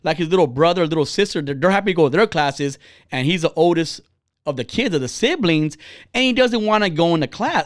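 A man's voice: a little high, a little fast, dry recording, studio quality. A man hosting a podcast, telling personal stories in a blunt, profane, heated way. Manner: animated and heated. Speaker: podcast host. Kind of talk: casual chat.

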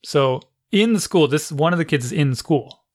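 A parent recounting a frustrating school day in a casual chat. The voice sits at a middling pitch, swings lively up and down, and spills out full of "like" fillers and exasperation. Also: normal speed. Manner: animated, exasperated, lots of "like" fillers.

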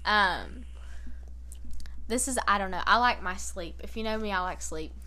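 A woman's voice: medium pitch, moderate pace, bright, forceful tone. A young adult woman hosting a podcast, chatting casually with lots of swearing and laughing as she acts out quoted lines. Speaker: podcast host. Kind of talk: casual chat.

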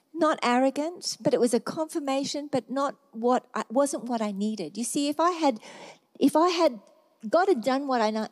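A woman preacher giving a sermon testimony, acting out her own past prayers in lively storytelling. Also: high-pitched.

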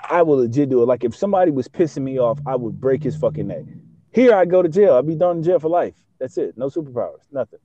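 A young man in casual chat, excitable and slangy, swearing and stacking fillers as he talks. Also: medium pitch, fast talker, no echo. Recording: dull lo-fi sound.

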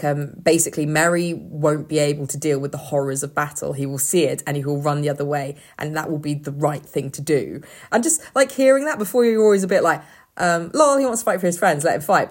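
A woman's voice: low voice, brisk. A young woman co-hosting a podcast in casual chat, rambling with many fillers and crude jokes. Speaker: podcast co-host.

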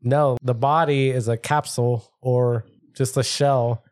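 A man's voice: mid-range voice, fairly even intonation, measured pace, a little mellow, no room sound. Guy co-hosting a podcast, rambly and swearing, been drinking, dead dry close mic. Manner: rambling, loose, swears freely. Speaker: podcast co-host. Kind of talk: casual banter.

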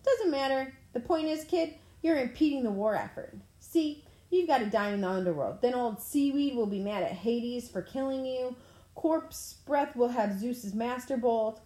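A woman's voice: fairly high pitch, normal speed, dark tone, voice pushed up, natural voice. Ares, a swaggering war god read by a woman. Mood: taunting. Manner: swaggering, taunting. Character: brash, mocking male war god. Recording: roomy echo.

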